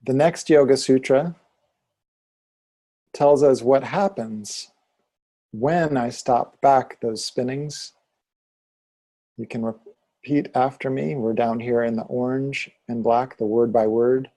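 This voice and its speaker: In slow, calm teaching, a medium-pitched man guides students through yoga philosophy and Sanskrit pronunciation. His students repeat after him in call-and-response chanting.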